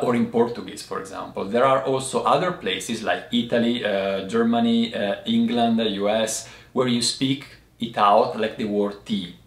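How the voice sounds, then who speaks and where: Man explaining tea words in an echoey room. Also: mid-range voice. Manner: patient, explaining step by step with frequent pauses. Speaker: tea teacher. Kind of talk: language and tea lesson.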